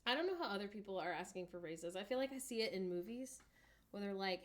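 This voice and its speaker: A woman's voice: medium pitch, expressive, fast talker. A woman co-hosting a casual livestream, rambling along with lots of "um" and "like". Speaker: livestream co-host.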